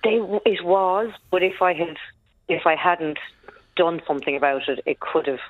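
A woman's voice: lowish voice, normal speed, no echo. A woman phoning in to a radio show as a mother, forthright and opinionated, laughing often. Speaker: caller, mother. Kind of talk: phone-in chat. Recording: dry tinny phone line.

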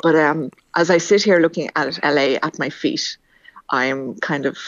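A woman's voice: low-pitched, normal speed, no echo, dull audio. A woman guest talking effusively in a casual radio interview, repeating her words as she gushes. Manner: effusive, bubbly, repeats herself.

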